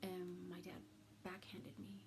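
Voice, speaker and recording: A woman talks slowly and haltingly to her camera, pausing often as she tells a personal story. Her low voice is gravelly and stays flat in pitch, with faint noise behind her. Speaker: vlogger.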